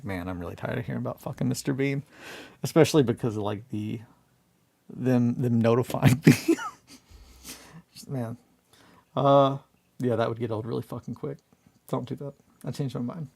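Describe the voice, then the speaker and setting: Gravelly-voiced man rambling on a stream. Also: medium pitch, a little mellow. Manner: meandering, laughs often, swears casually. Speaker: hobby livestream host. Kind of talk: casual rambling chat.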